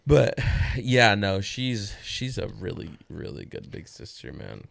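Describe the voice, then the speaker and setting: Guy in his 30s on a podcast, lively swooping voice, kinda gravelly, swears a ton, chatty story mode. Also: a little slow, no room sound. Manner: animated storyteller, swears a lot, jumps into high voices quoting his daughter. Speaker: podcast host. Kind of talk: casual chat.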